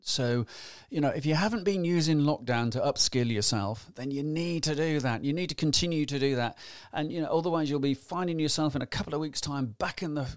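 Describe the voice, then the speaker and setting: A man coaching business owners in a lively, chatty motivational talk, with a fairly high voice. He keeps firing rhetorical questions and acting out little examples. The sound is dry and close, with no room echo. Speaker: business trainer.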